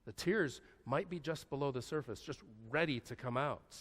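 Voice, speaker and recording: Male pastor preaching in a church sanctuary, gentle hushed delivery with long pauses, mid-pitched, long reverb. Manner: slow, soft-spoken, with long pauses and dropping to a hushed voice. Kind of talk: sermon. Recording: echoey church hall.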